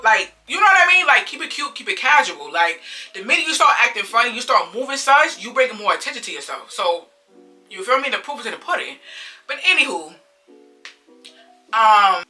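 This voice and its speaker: A woman telling a story in a casual storytime vlog, animated and blunt, swearing freely and acting out what people said. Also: on the high side, normal speed, distant mic, faint music behind.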